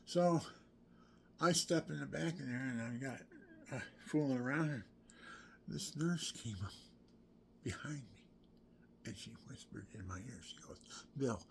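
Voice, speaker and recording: A man in his sixties telling a rambling personal story, drifting between whispered asides and loud exclamations. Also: mid-range voice, measured pace, vocal fry, long pauses, a little hiss or hum. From Pennsylvania, USA. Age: 60s.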